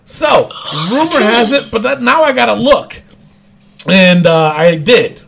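A man's voice: very high voice, measured pace, gravelly, noisy background. A man co-hosting a podcast, chatting casually and rambling through a wrestling recap with frequent restarts. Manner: rambling, restarts, laughs often. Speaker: podcast co-host.

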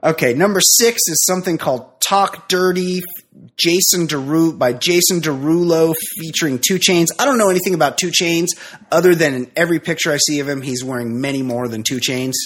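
Sarcastic middle-aged man, quick asides. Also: a little high. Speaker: podcast co-host. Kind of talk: casual chat.

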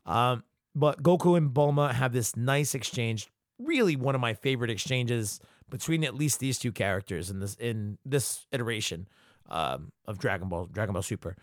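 Podcast host, male, mid-pitch, casual swearing fan recap, dry close sound. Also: moderate pace, no echo. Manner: loose, slangy, profane, retells scenes.

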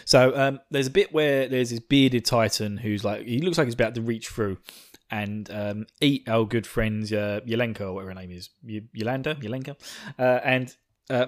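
An excitable man hosting a casual podcast. He rambles, laughs, and swears freely. His voice sits at an ordinary middle pitch for a man. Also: moderate pace. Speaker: podcast host.

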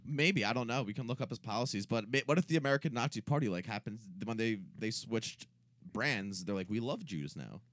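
A man's voice: mid-range voice, animated, a little fast, fairly bright tone, no room sound, studio quality. A man co-hosting a casual comedy podcast, rambling through jokes and laughing at his own bits. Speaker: podcast co-host.

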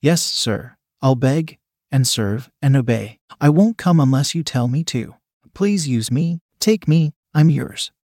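A man's voice: mid-range voice, lively intonation, unhurried, a little mellow, no echo, clean studio sound. A man voicing an eager, submissive young woman who pleads and stammers breathlessly. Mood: flustered.

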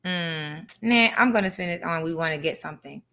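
A young adult woman hosting a live podcast, talking in an animated, conversational way and now and then reading passages aloud. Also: lowish voice, a little fast. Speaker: podcast host.

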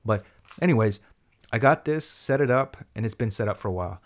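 A man in casual conversation tells a long, rambling story. He is animated and keeps slipping into quoted voices that leap in pitch and loudness. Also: a little fast. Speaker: storyteller in a chat.

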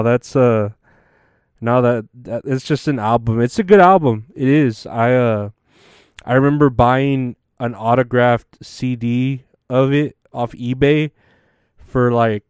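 A man's voice: mid-range voice, darkish tone, clean tone, no echo, clean studio sound. A man hosting a comedic news monologue, rambling and crude with plenty of fillers and restarts. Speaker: comedy show host.

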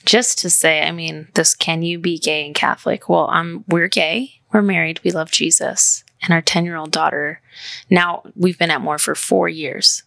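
Gravelly bright-voiced woman podcaster. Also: low voice, fairly even intonation, normal speed, no room sound. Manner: earnest, rambling, tells stories. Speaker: podcast host. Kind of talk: casual heartfelt podcast chat.

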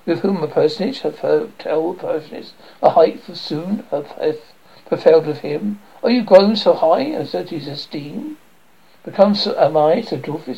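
A hurt, fiery young woman in a verse play, which a man reads in his own gravelly voice. She speaks with a swooping, lively pitch and a dark, husky tone. The recording is dull and lo-fi. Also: heavily acted.

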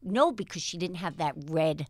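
A woman's voice: lowish voice, lively intonation, normal speed, dry recording. A middle-aged woman, a parent and guest on a podcast, speaking earnestly in casual chat with frequent restarts.

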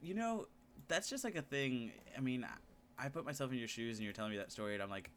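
A man in a casual podcast chat speaks expressively and laughs often. His intonation swings widely, and his pitch sits in the middle range. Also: expressive, fast, a bit bright. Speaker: podcast co-host.

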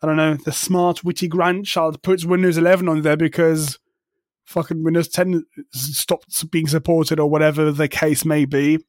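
Guy ranting on a tech podcast, kinda high, swears a lot, super dry mic. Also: little pitch movement, moderate pace, darkish tone, no room sound. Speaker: podcast co-host. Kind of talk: casual tech podcast chat.

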